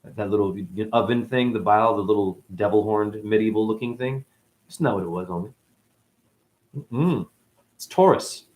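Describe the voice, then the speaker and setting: A man talking as a spiritual teacher in a rambling, profane casual monologue that swings between loud and muttered. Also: lowish voice, normal speed.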